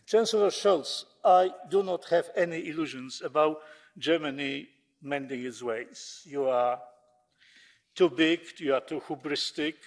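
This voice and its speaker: A man delivers a formal parliamentary speech, sharp and sarcastic in its jabs. His voice sits somewhat high for a man. It carries the long echo of a large debating chamber. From Poland. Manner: sarcastic, combative oratory. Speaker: member of parliament. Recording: long reverb of a large hall.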